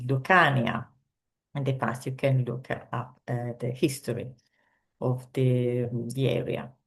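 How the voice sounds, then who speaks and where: A woman teaches an online language lesson at a very unhurried pace. She hesitates often, filling gaps with small sounds, then lands carefully on each word she pronounces. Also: a bass voice, gravelly. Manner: slow, hesitant, many fillers, carefully pronounces Italian words. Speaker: Italian teacher.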